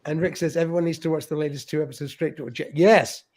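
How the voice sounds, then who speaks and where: Chatty higher-voiced man hosting a stream. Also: steady tone, fast, a little mellow. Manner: chatty, laughs often, stumbles and repeats words. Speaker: livestream host. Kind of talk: casual chat reading viewer comments.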